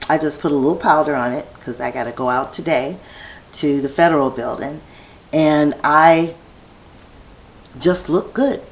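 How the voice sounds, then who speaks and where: Speaking at normal speed with long pauses, this woman has a low-sitting voice. She's a vlogger at home giving a meandering personal monologue, starting her thoughts over and slipping into chatty tangents, all on a rough recording.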